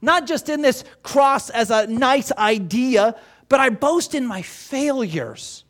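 A man's voice: very high voice, lively intonation, slow, a bit bright. A man preaching a sermon as pastor, emphatic, asking rhetorical questions and repeating key phrases.

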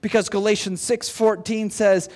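A man's voice: sits high, flat delivery, moderate pace, darkish tone. A man preaching a sermon as pastor, emphatic, asking rhetorical questions and repeating key phrases.

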